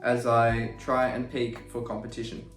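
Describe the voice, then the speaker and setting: A man's voice: mid-range voice, monotone, moderate pace, loud music behind the voice. A young man with an Australian accent chatting through a casual fitness vlog in an upbeat, laid-back way, explaining his training. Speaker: fitness vlogger.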